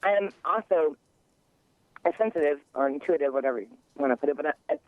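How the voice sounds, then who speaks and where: A woman calling in to a radio show, speaking in a scattered, halting way with many restarts. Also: low-pitched, expressive, no room sound. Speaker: caller. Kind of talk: call-in radio conversation. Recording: tinny dry phone line.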